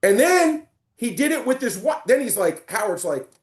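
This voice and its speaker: A man on a casual sports podcast, telling animated stories with lots of stumbling restarts. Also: very high voice, moderate pace, echoey room. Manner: animated storyteller, stumbling restarts and excited retelling. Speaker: guest.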